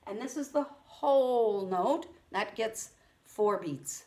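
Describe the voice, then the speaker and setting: A woman's voice: a little high, animated, darkish tone. A woman teaching a music lesson to children over a camera, chanting rhythm syllables. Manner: counts and chants rhythm syllables, slow and patient. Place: room with a keyboard. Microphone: camera mic.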